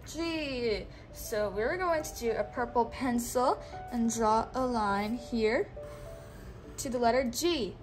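A woman teaching a child one-on-one, speaking slowly and patiently and repeating words for the child to say back. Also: a little high, faint music behind. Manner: slow, coaxing, repeats words for the child to echo.

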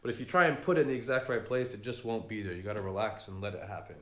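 A man teaching a casual fiddle lesson in a relaxed way, humming rhythms and using many fillers. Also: lowish voice, very fast. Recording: echoey room with fiddle playing.

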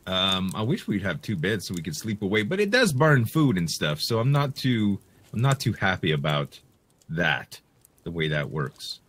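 A man's voice: sits low, big pitch swings, moderate pace, a bit bright. A man hosting a casual multiplayer game commentary, joking and chatting with a friend while he plays. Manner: joking, chatty, laughs often. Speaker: gaming channel host. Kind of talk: casual let's play commentary.

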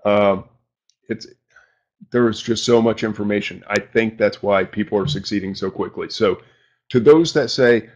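Casual male host talking to a live chat from his home desk, low voice, dull computer-mic sound. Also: normal speed. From New England. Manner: rambling and informal, with mild slang and self-deprecating asides. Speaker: live-stream show host. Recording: dull lo-fi stream audio.

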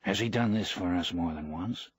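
A man reading the part of an elderly, proud, gentle fisherman, speaking plainly and quietly. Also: low-pitched, moderate pace, breathy edge, no echo.

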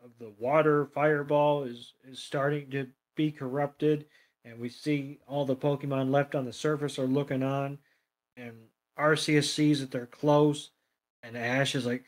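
A man's voice: medium pitch, steady tone, measured pace. A man co-hosting a podcast, casually recapping an episode with sardonic comments and free swearing. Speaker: podcast co-host.

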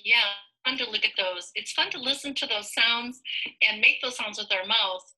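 A woman giving a gentle online lesson to young children about making sounds with the mouth. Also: a little high, normal speed, poor audio.

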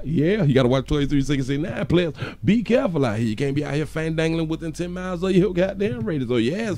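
A man from St. Louis hosting a joking livestream, hoarse from losing part of his voice, calling out shout-outs and breaking into squeaky high greetings. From St. Louis, Missouri. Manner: loud shout-outs, sudden squeaky high "hey sugar" bits. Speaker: livestream host reading chat. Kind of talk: joking casual livestream chat.

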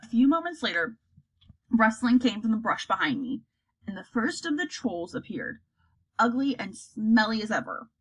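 A woman reading a children's fantasy story aloud, acting out the characters in a lively way. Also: a little high, moderate pace, slightly rough, rough recording. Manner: acts out characters, lively delivery. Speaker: audiobook reader.

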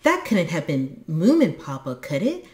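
Excitable little storybook troll, high-pitched, a woman reader doing the voice. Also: moderate pace. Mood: excited. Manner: excitable, breathless questions. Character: small, hungry, excitable troll child.

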